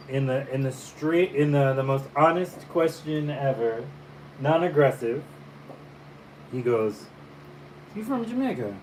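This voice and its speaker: A man from the Caribbean, a painter, chatting casually over breakfast in a relaxed, musing storytelling way. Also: mid-range voice, poor audio. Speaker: painter and vlogger. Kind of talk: casual breakfast vlog chat. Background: faint fan hum.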